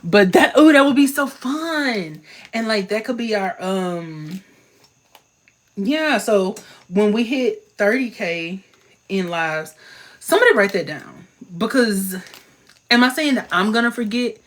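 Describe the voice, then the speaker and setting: A man hosting a casual livestream chat, playful and slangy, talking into his phone with quick asides. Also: high-pitched, expressive, fairly bright tone. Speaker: livestream host.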